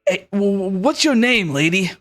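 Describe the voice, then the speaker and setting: A man putting on a brash young bandit with a voice pitched way up and pushed loud, gushing in slangy bursts. He is friendly and overeager, a small-time crook in a tabletop fantasy game. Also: moderate pace. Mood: grateful. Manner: excited, street-slang chatter.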